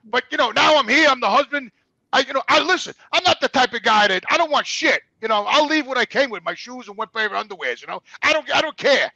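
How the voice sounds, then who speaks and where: A middle-aged man with a strikingly high, gravelly voice speaks in a bright, tense tone. He tells his story candidly and profanely, stumbling over repeated words and acting out quoted lines. The sound is close and dry. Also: animated, fast, no echo, lo-fi sound. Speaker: guest.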